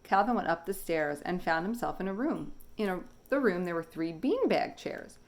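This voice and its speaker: A woman teacher reading a picture book aloud in a slow, expressive storybook manner. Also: on the low side.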